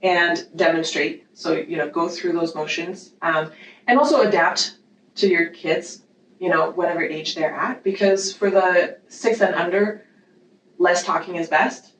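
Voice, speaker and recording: A woman guest explains child-rearing ideas in an animated, meandering way, circling back on herself as she talks. Her voice is on the low side. She sounds distant from the mic in a reverberant room with faint background noise. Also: a little slow. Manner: animated, rambling with many fillers and restarts. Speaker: guest parenting educator. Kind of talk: casual conversational interview.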